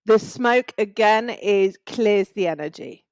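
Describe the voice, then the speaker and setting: A woman talking over a video call from home, explaining her work in a calm and earnest way. Her voice sits at a middle pitch and sounds close and dry. She laughs lightly now and then. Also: takes it slowly, no room sound. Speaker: guest, space clearing practitioner. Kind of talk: casual video call interview. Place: home in a village in Spain.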